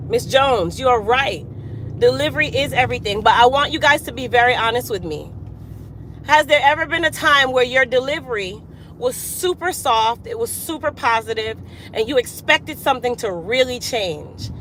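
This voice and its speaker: A woman who owns a hair care business and vlogs talks casually and emphatically straight to her viewers in a motivational, preachy manner. Her voice is high-pitched and fairly bright, on a low-quality recording with slight background noise.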